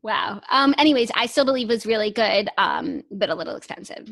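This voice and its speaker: A young woman co-hosting a podcast in casual chat, agreeable and expressive as she reacts and shares her opinions. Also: a little high, fairly quick, creaky. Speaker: podcast co-host.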